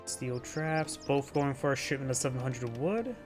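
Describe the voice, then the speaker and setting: A man's voice: medium pitch, expressive, normal speed, over music. A man giving casual, chatty play-by-play commentary on a strategy game match. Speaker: game caster.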